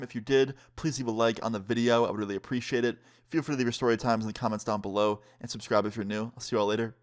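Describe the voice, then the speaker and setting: A young man vlogger telling a story time in a laid-back, casual way, swearing freely. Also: medium pitch.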